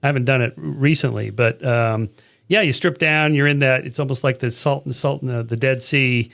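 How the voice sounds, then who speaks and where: Gravelly-voiced male podcast host. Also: medium pitch, moderate pace, fairly bright tone. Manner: casual, chatty, self-interrupting. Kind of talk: conversational interview.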